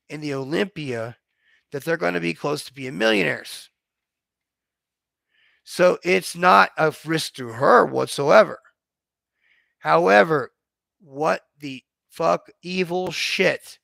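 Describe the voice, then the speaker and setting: A man's voice: a little high, fairly bright tone, no room sound. A man telling stories from his own life in a blunt, profane, somewhat robotic way. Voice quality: gravelly. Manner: blunt, profane, self-described robotic delivery. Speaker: vlogger. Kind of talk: casual storytelling monologue.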